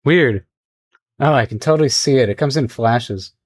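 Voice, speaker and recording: A man's voice: mid-range voice, normal speed. A man chatting casually with his viewers on a livestream while he draws, rambling and laughing often. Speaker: streamer.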